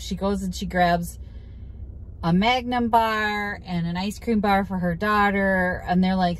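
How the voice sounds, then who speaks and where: A middle-aged woman from Minnesota vlogs in a chatty, exasperated way, retelling a story with plenty of feeling. Her voice sits at an ordinary middle pitch. Car and road noise hum clearly behind her. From Minnesota, USA. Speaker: vlogger. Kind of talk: casual storytelling vlog.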